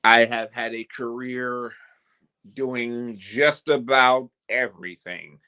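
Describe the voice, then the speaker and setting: A man's voice: mid-range voice, steady tone, slow pace, bright, forceful tone, clear, resonant tone. A man hosting his own vlog, rambling and joking with theatrical announcer-style openings. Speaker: host. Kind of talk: casual vlog chat.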